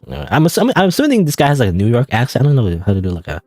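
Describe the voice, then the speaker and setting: A man's voice: mid-range voice, wildly swooping pitch, rapid-fire, hardly any pauses, darkish tone, dry recording, soft background music. A young man from Canada doing casual game commentary, rambling and self-mocking with frequent restarts. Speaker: gaming streamer.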